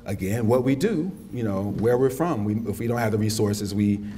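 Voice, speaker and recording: A middle-aged man lectures on campus. He tells stories in an animated way and slips into quoted voices and folksy asides. Faint hiss sits under his voice. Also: fairly low pitch, moderate pace. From South Carolina, US Southern. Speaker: poet lecturing. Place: lecture hall.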